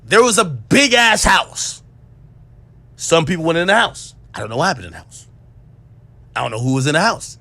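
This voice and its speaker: A man telling a story in a casual, profane, animated way and acting out the quotes. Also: a little high, moderate pace, long pauses, no room sound.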